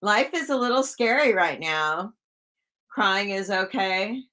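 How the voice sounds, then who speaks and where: A woman's voice: medium pitch, lively intonation, takes it slowly, bright, forceful tone. A woman hosting a psychic live stream, rambling casually with lots of "like" and asking her viewers questions.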